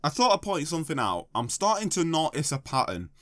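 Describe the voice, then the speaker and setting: A man's voice: a little high, very animated, brisk, a bit bright, no echo. A man doing mocking, sarcastic comedic commentary with a slightly raised voice. The recording is close and dry, with no room sound. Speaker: YouTube commentator.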